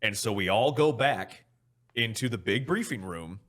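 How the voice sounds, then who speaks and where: A young American man, a former soldier, telling a lively army story on a podcast and acting out the voices. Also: on the low side, a little slow. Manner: animated, acts out voices and sound effects, laughs often. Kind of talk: casual storytelling.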